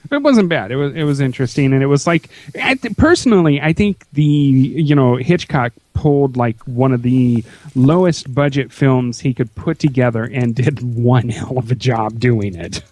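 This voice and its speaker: A man co-hosting a podcast, talking in a relaxed, slightly halting way. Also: mid-range voice, dry recording. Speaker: podcast co-host. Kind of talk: casual chat.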